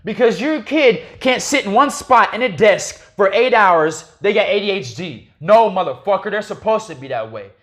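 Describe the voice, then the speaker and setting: High-voiced man telling a profane story. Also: expressive, normal speed, hardly any pauses, a bit bright. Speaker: podcast guest. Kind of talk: casual podcast chat.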